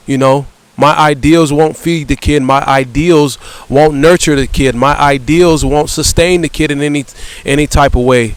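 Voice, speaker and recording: A man with a somewhat high, smooth voice, recorded close with a dry sound. He rants in a heated, blunt way, swearing nonstop and hammering his points over and over. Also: dry recording, poor audio. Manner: profane, repetitive, ends phrases with "bro". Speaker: vlogger. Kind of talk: angry rant vlog.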